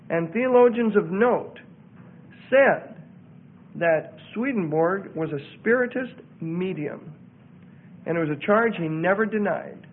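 Male preacher, high-pitched, emphatic and repetitive, heard over tinny phone-like audio. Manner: emphatic, repeats words for effect. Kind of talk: sermon-style teaching on a religious group.

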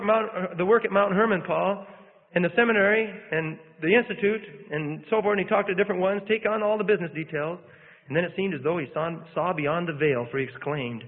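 Fervent preacher man, high-pitched. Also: quick pace. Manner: fervent, rising and falling emphasis. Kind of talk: sermon reading aloud. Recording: phone-like sound in a reverberant hall.

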